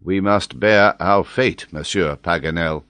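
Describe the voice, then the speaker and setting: A man reading an audiobook, voicing a decisive sea captain giving crisp, firm orders. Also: deep voice, measured pace, fairly bright tone, no echo. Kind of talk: audiobook character voice.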